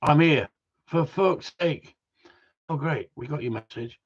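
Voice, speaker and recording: A man's voice: on the high side, a little slow, breathy edge. A man hosting a casual live stream about gundogs, bantering, swearing and reading out viewer messages. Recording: dull lo-fi sound.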